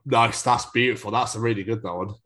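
A man's voice: lowish voice, steady tone, a little fast, a bit bright. A man guest on a casual podcast who swears freely and laughs often. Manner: swears freely, laughs a lot, self-deprecating.

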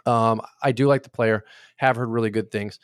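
A man's voice: medium pitch, fairly even intonation, normal speed, clear, resonant tone, no echo. Blunt opinionated young man, dry close mic. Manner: blunt, opinionated, swears freely. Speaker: podcast co-host. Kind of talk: casual sports chat.

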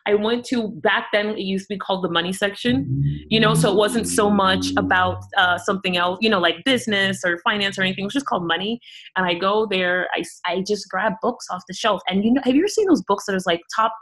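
A middle-aged woman from Miami, a guest entrepreneur telling her story in an animated way, acting out the voices of people she quotes. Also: mid-range voice, quick pace. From Miami, Florida. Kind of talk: storytelling interview talk.

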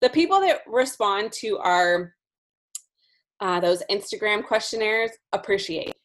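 A woman co-hosting a casual podcast, her pitch rising and falling a lot. She is giggly and quick to react, laughing easily while her partner talks. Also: expressive. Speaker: podcast co-host. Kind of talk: casual chat.

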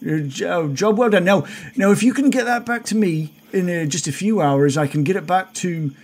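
A man doing an excitable dim guard, higher voice, husky edge, gushing and eager, tabletop game. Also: moderate pace. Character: clumsy eager male guard, simple and excitable.

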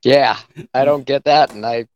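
A man's voice: medium pitch, steady tone, normal speed, darkish tone, lo-fi sound. A man in his sixties co-hosting a casual podcast, mostly giving short, dry reactions. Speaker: podcast co-host.

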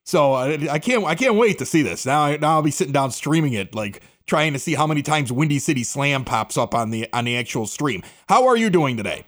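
A man's voice: on the high side, animated, brisk, hardly any pauses, a bit bright. A man co-hosting a wrestling podcast. He introduces the guest and teases his co-host in a hyped-up, chatty way. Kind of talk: podcast talk with live ad read.

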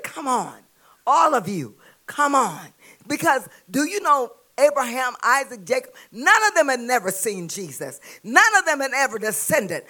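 A woman preaching a sermon with a Southern US accent, calling out to the congregation and building to shouts. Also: high voice. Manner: call-and-response preaching, rising to shouts.

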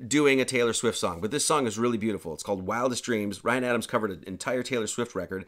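A man's voice: medium pitch, fast. A man, the pastor and host, rambling through casual closing announcements of an online sermon, joking around with lots of fillers and restarts.

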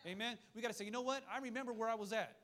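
A man preaching a sermon with a high voice that rattles along at a fast clip. He hammers his points home through repetition and throws quick asides out to the congregation. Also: fairly bright tone. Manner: fiery, repetitive preaching with call-and-response asides. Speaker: pastor.

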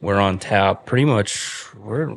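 A man's voice: lowish voice, slow, gravelly. A man guesting on a casual interview, laid-back and full of fillers as he talks about his business. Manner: laid-back, lots of fillers, laughs easily. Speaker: brewery owner guest.

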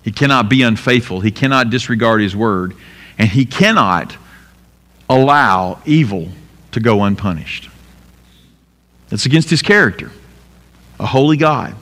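A pastor giving an emphatic sermon, asking rhetorical questions and repeating key lines. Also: male voice, mid-range voice, animated, measured pace, long pauses, fairly bright tone, long reverb tail.

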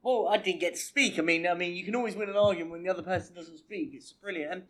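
A man's voice: high voice, fast talker, a crowd in the background. A man chats on a casual football podcast. He is easygoing and jokey and goes along with his co-host.

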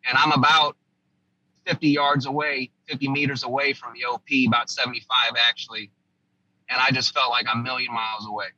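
Husky, forceful American veteran storyteller. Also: male voice, medium pitch, flat delivery, a little fast, no echo, muffled recording. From United States. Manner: vivid first-person war retelling with restarts. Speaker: podcast guest, former army sergeant. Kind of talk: casual interview storytelling.

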